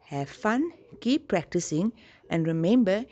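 A woman teacher giving a slow spelling lesson to young children, spelling words letter by letter and encouraging them. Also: lowish voice, sing-song, a little mellow, dull audio.

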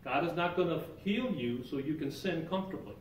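A man's voice: a little high, lively intonation, fairly quick, slight background noise. A man teaching an informal Bible lesson in a church sanctuary, talking conversationally and quizzing his class with questions. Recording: roomy echo, picked up from a distance.

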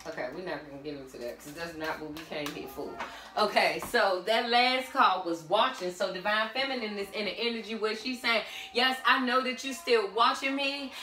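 With a high, bright, forceful voice, a woman gives a blunt, sassy tarot reading in casual chat, even talking back to the cards. The recording has a roomy echo with faint music behind her.

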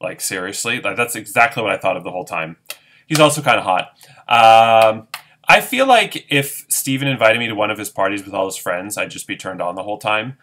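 A man's voice: fairly low pitch, animated, fairly quick, bright, forceful tone. Chatty man commenting on a game. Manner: casual, chatty reactions. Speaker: game player and narrator. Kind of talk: casual gameplay commentary.

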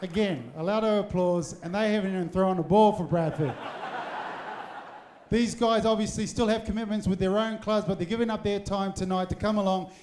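Male host for a live evening event. High voice, handheld mic, playful teasing patter, faint crowd murmur behind. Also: fairly even intonation, a little fast, few pauses, noisy background. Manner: jokey, rousing crowd address with teasing asides. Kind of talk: compering a live supporters' evening. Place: packed hotel function room. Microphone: handheld microphone. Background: faint crowd of supporters.

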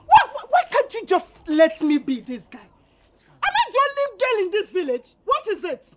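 A woman's voice: extremely high pitch, wildly swooping pitch, moderate pace, full character voice. An actress with a Nigerian accent playing a fiery young village woman who scolds and insults a pushy suitor. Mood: angry.

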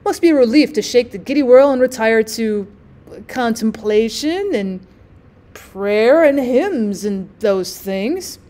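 A woman's voice: on the high side, lively intonation, takes it slowly, dark tone. A woman reading as a slangy society man. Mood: awkward. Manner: slangy, breezy. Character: bemused young male society traveler.

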